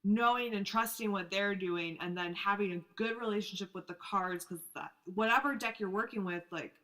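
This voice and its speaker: A woman's voice: medium pitch, normal speed, sharp tone. Affirming woman podcast host. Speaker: podcast host, tarot deck maker. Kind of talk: casual interview chat.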